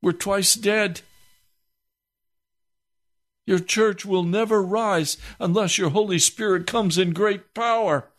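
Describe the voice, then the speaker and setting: A man praying aloud, pleading and heavy-hearted in a slow, impassioned spoken prayer. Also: high voice.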